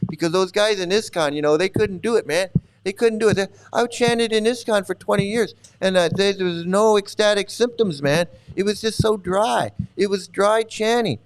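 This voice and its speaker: A man's voice: high-pitched, normal speed. A man doing a mocking impression of a laid-back preachy male guru who ends every phrase with "man".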